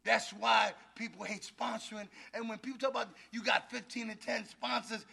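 This middle-aged man speaks to a recovery meeting with the force of a sermon. His voice sits unusually high and bright, with a gravelly edge. He shouts out to the room and laughs between points. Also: steady tone, normal speed. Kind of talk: fiery preaching-style recovery talk.

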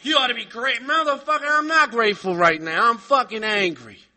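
A man gives an emotional recovery testimony at a meeting, blunt and full of profanity. His voice sits very high and has a tense, piercing edge. He often rises into shouting. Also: brisk, a faint crowd. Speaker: recovering addict sharing at a meeting.

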